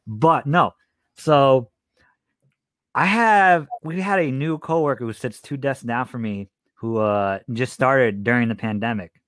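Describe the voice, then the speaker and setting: A man's voice: mid-range voice, unhurried, fairly bright tone, no room sound, studio quality. A young man co-hosting a podcast, chatting in an easygoing, teasing and candid way. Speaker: podcast co-host. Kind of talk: casual chat.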